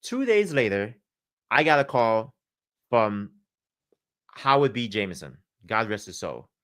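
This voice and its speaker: A man's voice: lowish voice, big pitch swings, a little slow, a bit bright. Profane rambling New man. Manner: profane, rambling, many fillers. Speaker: podcast guest. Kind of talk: casual storytelling.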